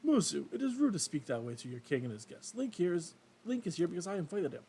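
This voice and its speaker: A man's voice: sits high, big pitch swings, fast talker, warm tone, slight background noise. A man reading as a stately old fish-folk king. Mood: regal. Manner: formal, courtly phrasing. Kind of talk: let's play voice reading.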